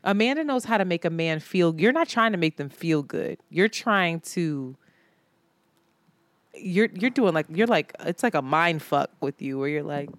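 A woman in her thirties co-hosting a casual podcast, telling animated stories, acting out friends' lines and laughing often. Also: lowish voice, moderate pace, dry recording. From Philadelphia. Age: 30s. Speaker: podcast co-host. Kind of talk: casual chat.

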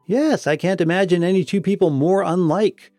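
A man's voice: high-pitched, moderate pace, a little mellow, no echo, soft background music, voice pushed up. A man reading an earnest, sentimental elder sister. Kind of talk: read-aloud dialogue in an audiobook.

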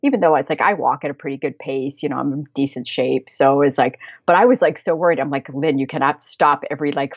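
A woman's voice: deep voice, quick pace, few pauses, husky, no echo, dull audio. An American woman chatting as a podcast guest, rambling and laughing often. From United States. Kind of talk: casual chat.

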